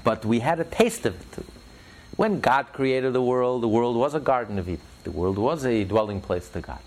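A man teaching religious ideas in an interview, preacherly, rising sharply in pitch for emphasis and telling stories with acted voices. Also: animated, moderate pace, a little hiss or hum, poor audio.

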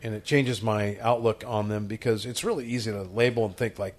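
A man co-hosting a casual church talk, relaxed and joking, sometimes reflective. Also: lowish voice, brisk. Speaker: podcast co-host. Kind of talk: casual chat about sermon questions.

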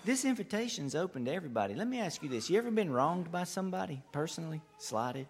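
A man preaching a sermon, his delivery swinging between loud, eager stretches and hushed, quiet lines. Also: on the high side, big pitch swings, fast talker, long reverb tail, faint music behind. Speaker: pastor.

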